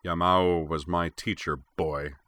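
A man's voice: sits low, steady tone, slow pace, a bit bright, no room sound. A man voicing a big, stern older male warlord who growls commands at his young student.

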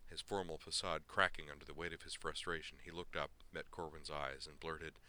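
A man reading a story aloud with a very deep voice and a bright, forceful edge. His narration is measured and expressive.

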